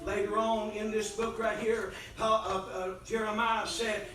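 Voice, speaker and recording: A man preaching an impassioned revival sermon in a church, swinging between soft pleading and loud shouting. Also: high-pitched, flat delivery, measured pace, hardly any pauses, slight background noise. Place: church sanctuary. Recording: very echoey church from far off mic.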